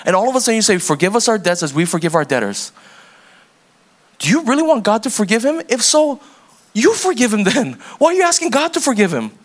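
A man's voice: high-pitched, sing-song, a little fast. A man preaching a sermon as pastor, talking casually and pressing the congregation with repeated questions. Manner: conversational, acts out little scenes with quoted voices.

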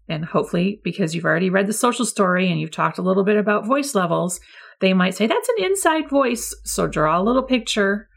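A woman early childhood educator gives a friendly teacher training talk, explaining classroom methods to other teachers. Her fairly low, slightly rough voice has vocal fry, and she demonstrates voice levels with lively examples.

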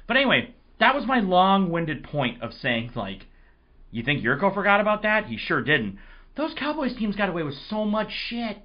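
A man hosting a casual sports podcast, his voice hoarse, telling rambling, excitable stories. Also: high voice, normal speed, dull audio. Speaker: podcast host.

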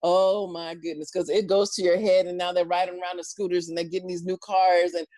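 A woman guest telling a story in an interview, lively and expressive, acting out voices and laughing often. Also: lowish voice, quick pace, dry recording.

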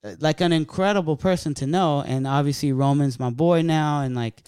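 A man telling a story in a casual podcast chat, animated and profane, acting out what people said. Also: on the high side, normal speed, clean tone, no room sound, studio quality. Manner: profane, animated, acts out quotes.

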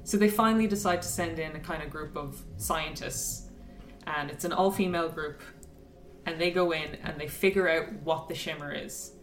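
A woman's voice: sits low, normal speed, faint music behind. A woman chatting casually about a film, enthusiastic and rambling with lots of fillers. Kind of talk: casual chat, film review. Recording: echoey room, mic at a distance.

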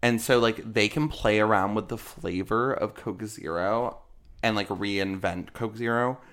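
A man's voice: lowish voice, measured pace, fairly bright tone. A man co-hosting a podcast in casual chat, joking, laughing often and rambling with fillers. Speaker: podcast co-host.

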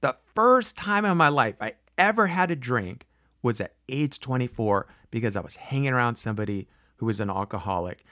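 A man in his forties tells a personal story in a loose, chatty way. He acts out the other people's lines and restarts his sentences often. His voice sits at an ordinary middle pitch and sounds dry and close to the mic. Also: a little fast, no echo. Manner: animated, acts out quoted voices, frequent fillers and restarts. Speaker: speaker telling a personal story. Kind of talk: casual storytelling monologue.

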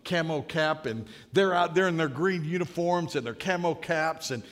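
A man's voice: on the high side, moderate pace. Man, late 50s, storytelling preacher, folksy and humorous, long hall reverb. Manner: folksy, anecdotal, builds to punchlines. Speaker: speaker at a podium. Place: large hall with an audience.

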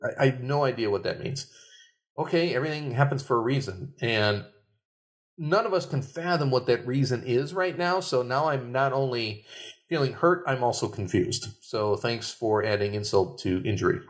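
A man's voice: mid-range voice, moderate pace. A middle-aged man, a marriage and family therapist, talking on a podcast in a conversational way and acting out quoted phrases. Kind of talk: podcast talk.

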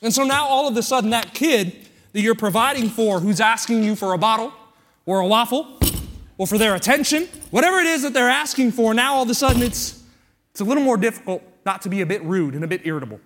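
A man's voice: extremely high pitch, expressive, quick pace, fairly bright tone, slight background noise. A male pastor preaching a sermon with a live weightlifting illustration, earnest and repetitive in cadence, out of breath.

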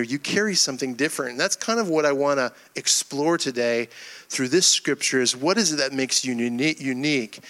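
A middle-aged male pastor from Florida, speaking at medium pitch, delivers a sermon in which he tells a funny personal story in a folksy, animated style.

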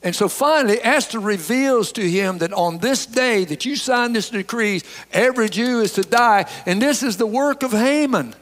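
Male pastor, high voice, emphatic folksy preaching, church reverb. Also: lively intonation, normal speed, few pauses, a bit bright. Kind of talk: sermon. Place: church sanctuary. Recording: long hall reverb.

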